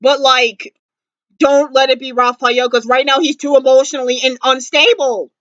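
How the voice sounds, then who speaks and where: A woman's voice: high-pitched, fairly even intonation, normal speed, a bit bright, no room sound, muffled recording. A young woman vlogging a fan review of a TV episode, gushing and dramatic, full of "like" and fillers. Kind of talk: excited fan review chat. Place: indoors at home.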